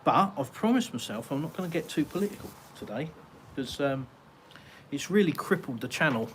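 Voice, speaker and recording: Reading out viewer chat during a casual live Q&A in his garden, this English host sounds animated and fairly quick, his voice sitting on the high side. He rambles and chats with plenty of ums and uhs, and there's a faint hiss or hum.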